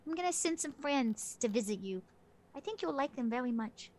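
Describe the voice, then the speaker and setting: A woman's voice: high-pitched, sing-song, fairly quick, pushed and bright, exaggerated voice. A woman voicing an eccentric elderly cat-lady shopkeeper who sounds sweet but makes veiled threats, in a tabletop game. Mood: sly. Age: older. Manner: chirpy, dotty, veiled menace.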